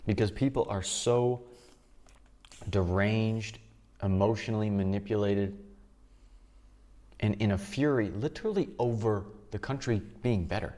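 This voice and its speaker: Low-voiced man narrating commentary clips. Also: measured pace, pauses often, warm tone. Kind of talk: scripted commentary.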